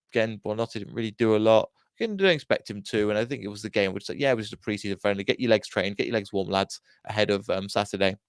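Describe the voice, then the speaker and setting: A man's voice: mid-range voice, no room sound, clean studio sound. Rambling man reviewing a football match. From England. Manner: rambling, with many restarts and acted-out quotes. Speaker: football fan channel host. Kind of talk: casual solo match review.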